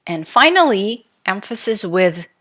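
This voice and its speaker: A woman teaching a recorded English grammar lesson, speaking clearly and stressing key words in her example sentences. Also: mid-range voice, big pitch swings, measured pace, a bit bright.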